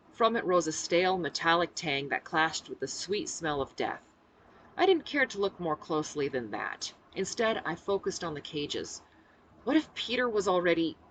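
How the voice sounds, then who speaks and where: Lively low-pitched woman reading her novel. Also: slight background noise, rough recording. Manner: expressive, acts out the dialogue. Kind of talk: audiobook-style first-person narration.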